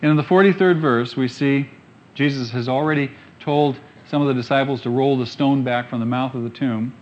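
A man preaching a sermon emphatically, dropping quiet and then rising loud. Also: mid-range voice, fairly even intonation, fairly quick, lo-fi sound. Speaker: pastor.

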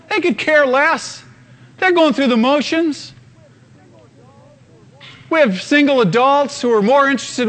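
A man's voice: very high voice, fairly bright tone. A man preaching a sermon with fervor, acting out scenes in sudden bursts. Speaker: pastor.

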